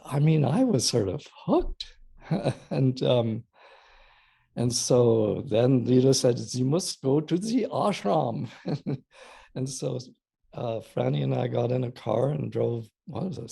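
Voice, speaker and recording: An older man with a deeply gravelly, husky voice recalls his past as an interview guest. His tone is dark and mellow, and he keeps breaking into laughter while he tells his stories. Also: unhurried. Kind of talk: storytelling conversation.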